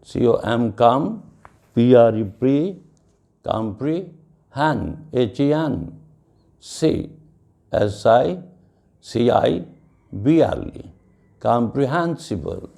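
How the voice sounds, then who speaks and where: A man teaching a lecture on pronunciation, speaking slowly and deliberately and spelling words out letter by letter. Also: mid-range voice, animated, gravelly, dark tone. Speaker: English teacher. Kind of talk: classroom lecture.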